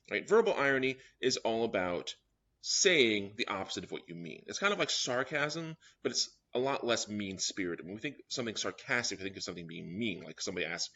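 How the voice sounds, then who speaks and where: Lo-fi man teaching, bright tone. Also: fairly low pitch. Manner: explains step by step, often checking in with "all right?". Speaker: writing workshop teacher. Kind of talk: classroom lecture. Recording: dull lo-fi recording.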